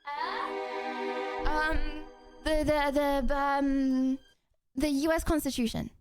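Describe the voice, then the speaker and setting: Giggly high-voiced young woman streamer. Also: steady tone, drawn-out words, music in the background. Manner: giggly, self-teasing, reads questions aloud and answers them. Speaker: livestreamer. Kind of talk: casual live-stream chat.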